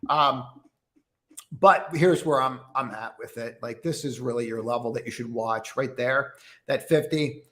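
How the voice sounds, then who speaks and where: A man's voice: mid-range voice, measured pace, bright, forceful tone, reverberant. A man hosting a live stock trading stream, chatting casually with viewers by name and using many fillers as he walks through charts.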